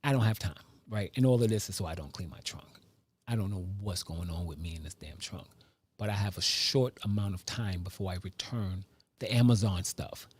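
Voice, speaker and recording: A man and father telling family stories in a casual vlog, animated, with sudden pitch jumps and hushed asides. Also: moderate pace, slightly rough. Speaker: vlogger. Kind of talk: casual storytelling monologue.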